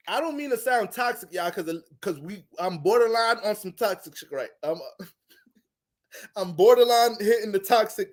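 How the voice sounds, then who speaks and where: A man's voice: high-pitched, moderate pace. Profane, rambling man riffing on astrology. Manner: profane, animated, rambling, restarts often. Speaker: astrology content creator. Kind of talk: casual monologue vlog.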